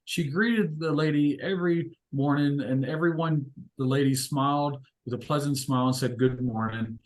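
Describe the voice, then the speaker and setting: A man's voice: a little high, moderate pace. A man leading an inspirational discussion, telling stories in a reflective, hesitant way with many fillers. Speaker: discussion leader. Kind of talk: inspirational talk with storytelling.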